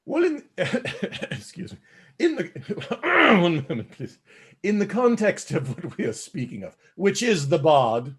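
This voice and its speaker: A man's voice: high-pitched, huge pitch swings, unhurried, a bit bright. A man improvising a grandiose, theatrical expert in a comedy scene over a video call. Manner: grandiose, theatrical, laughs often. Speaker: improv performer playing a Shakespeare expert.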